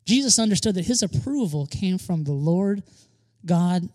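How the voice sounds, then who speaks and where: Man, pastor, sermon, high voice, emphatic, repeats phrases, joking asides. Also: animated, moderate pace, a little mellow. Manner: repeats key phrases for stress.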